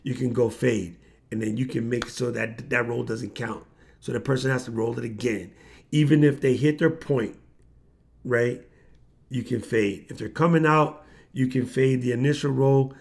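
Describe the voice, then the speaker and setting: A man with a gravelly, rough-edged voice hosts a livestream in loose, slangy chat. He tells stories with energy and puts on the voices of the people he quotes. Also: mid-range voice, moderate pace. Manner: animated slangy storyteller, acts out quoted voices. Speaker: livestream host. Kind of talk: casual livestream storytelling.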